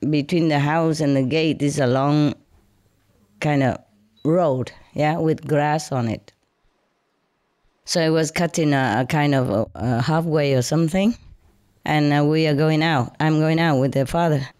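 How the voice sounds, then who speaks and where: A woman telling a story casually in non-native, broken English, animated and often laughing. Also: deep voice, unhurried, no room sound, studio quality.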